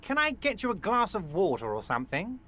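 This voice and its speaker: An actor playing a smug, jovial middle-aged union boss in a video game, speaking in an oily, patronizing and overly friendly way. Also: male voice, sits high, huge pitch swings, fairly quick, pushed and bright, heavily acted.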